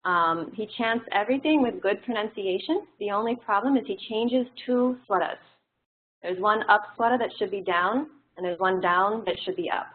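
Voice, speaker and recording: A woman teaching a classroom lesson in a relaxed, explanatory way, pausing on frequent fillers. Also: mid-range voice. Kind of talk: classroom lecture. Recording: tinny phone-like audio.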